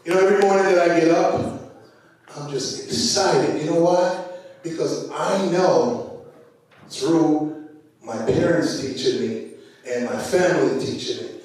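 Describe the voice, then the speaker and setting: A man's voice: on the high side, a little slow, long pauses, darkish tone, distant mic. A man with a Jamaican accent giving a conversational motivational speech at a conference, with many fillers and repeated words. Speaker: conference speaker. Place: large conference hall. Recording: very echoey hall, voice from afar.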